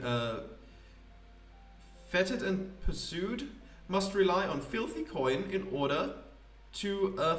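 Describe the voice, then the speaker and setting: A man's voice: high-pitched, a bit bright, roomy sound, distant mic, pitched above the performer's own voice, exaggerated voice. A man voicing a pompous, flamboyant vagrant poet with grand, theatrical phrasing.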